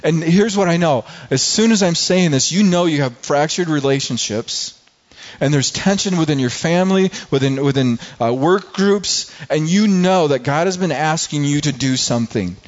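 A middle-aged pastor preaches a sermon, earnestly sharing personal stories and often restarting his sentences. His voice sits a little high with lively intonation at a moderate pace, and the lo-fi recording sounds slightly dull.

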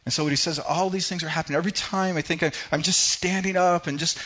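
A man preaching a sermon in an earnest way, often repeating words and dropping low and quiet for emphasis. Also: fairly even intonation, fast, dull audio. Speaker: pastor.

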